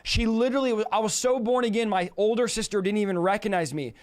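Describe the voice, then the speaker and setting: A man's voice: high-pitched, quick pace. A man in his thirties from California telling his personal faith testimony, acting out the quoted dialogue with animation. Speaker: guest sharing a testimony.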